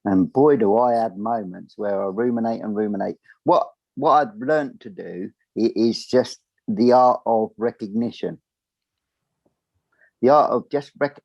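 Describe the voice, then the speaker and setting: A man talking casually on a podcast, often acting out his own inner voice in a higher, lively tone. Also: unhurried, dry recording, lo-fi sound. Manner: acts out his inner voice in higher animated tones. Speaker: podcast co-host. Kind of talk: casual chat.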